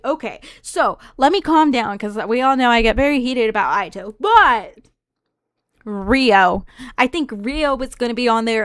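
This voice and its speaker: A woman's voice: a little high, a bit bright, clear, resonant tone, no echo. A young woman from the Southern United States giving casual gameplay commentary as a streamer, chatty and rambling, often trailing off and restarting.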